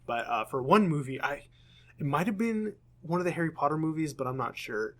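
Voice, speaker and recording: A young American man co-hosting a podcast, chatting casually, often restarting sentences and filling pauses with ums. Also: on the high side, animated. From United States. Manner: rambling, self-correcting, frequent ums. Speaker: podcast co-host. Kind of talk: casual chat.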